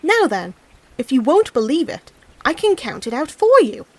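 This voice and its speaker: A stubborn, hot-tempered old peasant scolds and grumbles, voiced by a woman reading a storybook. The voice sits somewhat high and swings up and down with lively pitch. His indignant scolding carries the lines. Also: normal speed.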